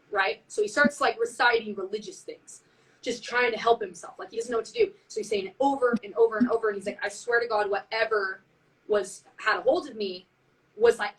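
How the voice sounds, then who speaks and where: Woman on a phone live stream telling a ghost story, says like a lot, bit high, kinda far from the mic. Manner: animated, heavy use of "like", acts out quotes. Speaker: band member on a live stream. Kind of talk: casual storytelling.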